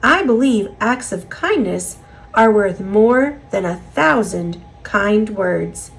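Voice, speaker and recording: A woman with an American accent reading children's picture books aloud, slowly and carefully enunciated. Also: medium pitch, lively intonation, vocal fry. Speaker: children's book reader. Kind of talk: picture book read-aloud.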